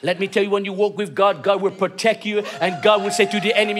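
A man preaching a sermon, emphatic and call-and-response, often rising to shouts. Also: high-pitched, fairly even intonation, fast talker, background noise.

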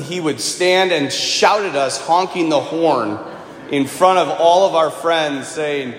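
A man's voice: fairly high pitch, slow pace. A man, a priest, giving a conversational sermon and telling stories, now and then acting out the people he quotes. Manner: storytelling homily, conversational, acts out quoted voices. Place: church. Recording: echoey church with long reverb.

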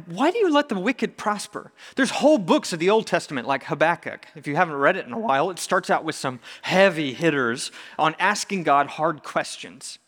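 Conversational preacher man, higher voice. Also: a little fast, few pauses, big-room sound. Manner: conversational, animated preaching with humor. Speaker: pastor. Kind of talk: sermon.

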